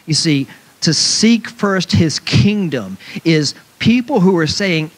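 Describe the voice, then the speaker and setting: Animated high-voiced male preacher. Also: takes it slowly. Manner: animated, acts out mocking voices of people; repeats "right?" to the congregation. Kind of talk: sermon.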